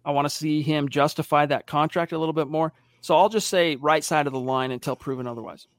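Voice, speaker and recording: A man's voice: on the high side, fast, no room sound, clean studio sound. A man co-hosting a casual sports podcast, reading out viewer comments and telling stories with acted-out quotes. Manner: animated storyteller, acts out quotes. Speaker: podcast co-host reading live chat.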